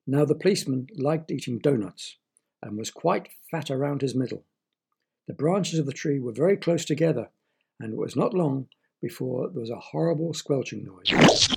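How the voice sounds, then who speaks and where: Gravelly storyteller man. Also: medium pitch, lively intonation, moderate pace. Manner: playful, asks listeners questions. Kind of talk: children's story narration.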